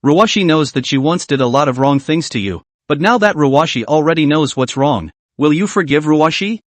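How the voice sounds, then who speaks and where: A man's voice: fairly high pitch, expressive, normal speed, dry recording, lightly acted. A man reading the lines of a desperate young woman who begs and refers to herself by name. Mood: pleading. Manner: wheedling, repeats own name.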